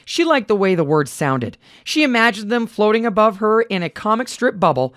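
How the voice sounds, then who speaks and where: A woman reads a children's novel aloud at a middle pitch, with an expressive, varied delivery. Her voice rises and falls in lively swings. The sound is dry and close, with little room echo. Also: normal speed. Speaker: reader. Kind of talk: storybook read-aloud.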